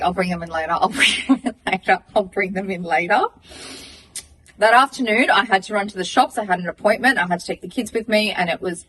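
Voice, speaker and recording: A woman's voice: mid-range voice, far from the mic, poor audio. An Australian woman in her thirties, a podcast co-host, telling a long story in casual chat, swearing and acting out what people said. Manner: animated, swearing, acts out dialogue.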